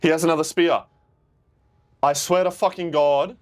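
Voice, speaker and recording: A young man, reacting casually to a TV episode. He swears freely and yells at the screen. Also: a little high, steady tone, normal speed. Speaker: reaction video host.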